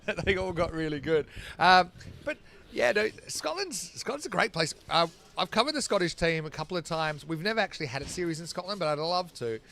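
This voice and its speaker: A man's voice: a little high, lively intonation, fairly quick, vocal fry, bright, forceful tone. A man from Australia commentating live cricket, chatting between balls and breaking off to call the play. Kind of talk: live sports commentary and chat.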